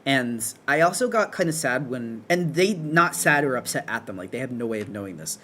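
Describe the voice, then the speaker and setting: Chatty male streamer, mid pitch. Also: animated, a little fast, sharp tone, slight background noise. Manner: rambling, chatty, self-correcting. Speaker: streamer and artist. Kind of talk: casual live-stream chat while drawing.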